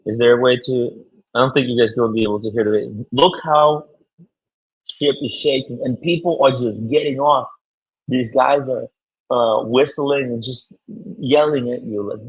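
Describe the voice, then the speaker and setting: A man hosting a casual live stream, chatting in a rambling, excitable way and swearing freely. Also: medium pitch, a little slow, husky, poor audio. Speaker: streamer host.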